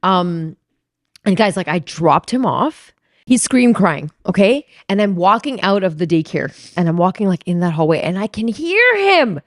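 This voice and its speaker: A woman's voice: on the low side, sing-song, moderate pace, dry recording, studio quality. A woman co-hosting a casual podcast, talking emphatically to her listeners. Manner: chatty, addresses listeners as "guys," emphatic. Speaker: podcast co-host. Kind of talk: casual chat.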